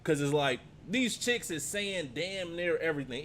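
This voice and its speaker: A man's voice: a little high, lively intonation, normal speed, a bit bright, slight background noise. A man giving casual reaction commentary on a clip, talking back at it and repeating his points. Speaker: reaction streamer.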